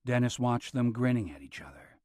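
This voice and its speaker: A man narrating a thriller audiobook, shifting his pitch as he voices different characters. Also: lively intonation, a little fast, a little mellow, no room sound, clean studio sound. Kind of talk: scripted narration.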